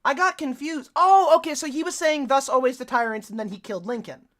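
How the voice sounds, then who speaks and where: Excitable female streamer, bright high voice, chatty and profane. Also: brisk. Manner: excitable and talkative, swears freely. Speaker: live streamer reacting to a video. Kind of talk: casual stream reaction.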